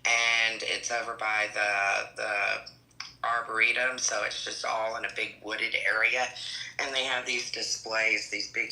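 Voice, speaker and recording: Guy rambling on a group call, really bright tone, echoey room, keeps correcting himself. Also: on the low side. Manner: rambling, self-correcting storyteller. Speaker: group member. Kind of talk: casual group chat.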